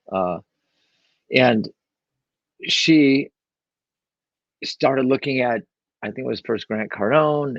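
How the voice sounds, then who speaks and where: A real estate investor appears as an interview guest on his own microphone, telling his story in a mid-range, gravelly voice. He rambles with lots of fillers and restarts, and the recording is dry and lo-fi.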